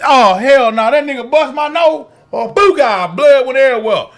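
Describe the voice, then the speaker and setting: A man co-hosting a podcast, telling profane, animated childhood stories in casual chat. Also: very high voice, moderate pace. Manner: animated, profane storytelling with frequent restarts and laughter. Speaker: podcast co-host.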